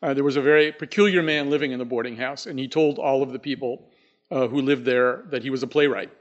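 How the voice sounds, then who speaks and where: A man's voice: mid-range voice, steady tone, fast. A middle-aged man telling a personal story live, in a wry, conversational way with asides, in a dull lo-fi recording.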